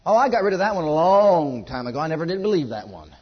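A man preaching a sermon at a church service. He repeats his exhortations emphatically and drops to a hush. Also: fairly high pitch, sing-song, quick pace, husky, muffled recording.

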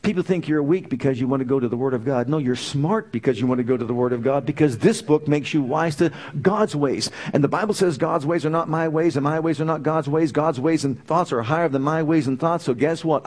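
Emphatic preacher, slightly high voice. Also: male voice, fairly quick, darkish tone. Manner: emphatic preaching with rhetorical questions. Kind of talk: sermon.

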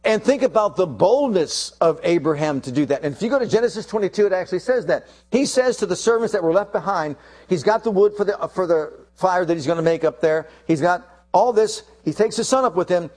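A man preaching a sermon, acting out the quoted lines of the story. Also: brisk. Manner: animated, acts out quotes with shifting pitch.

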